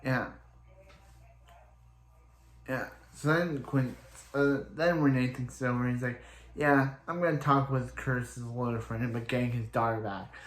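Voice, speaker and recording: A man talking through a recap in a loose, rambling way, stumbling and restarting often. He sounds roomy and echoey, as if recorded in a bare room. His pitch sits in the middle range for a man. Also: steady tone. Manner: rambling, halting retelling full of restarts and "he's like". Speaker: show reviewer. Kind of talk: casual episode recap.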